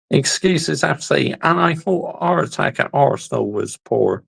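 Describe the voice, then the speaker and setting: A man hosting a football video channel, reacting to clips in casual, animated commentary with frequent exclamations and laughs. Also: a little high, measured pace, vocal fry, few pauses, slightly rough, no echo, low-quality recording. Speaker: YouTube football channel host.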